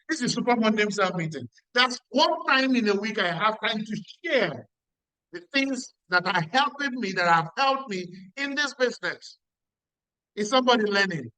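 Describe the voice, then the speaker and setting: A man's voice: sits high, sing-song, moderate pace, bright, forceful tone, no room sound, poor audio. A middle-aged man with a Nigerian accent giving an emphatic motivational talk as a business mentor, repeating lines and asking the audience questions. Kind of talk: motivational talk at a weekly meeting.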